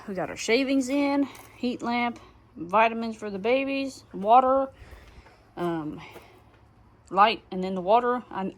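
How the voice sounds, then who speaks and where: A woman, a homesteading vlogger chatting casually and straight to her viewers in a folksy way. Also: mid-range voice. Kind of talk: casual vlog chat. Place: homestead barn or coop.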